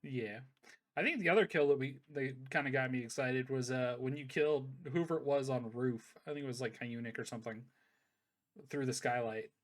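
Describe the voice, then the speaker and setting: A man's voice: mid-range voice, fairly quick. A man hosting a casual post-match interview, chatty and upbeat as he praises the players' plays. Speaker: league host interviewing players.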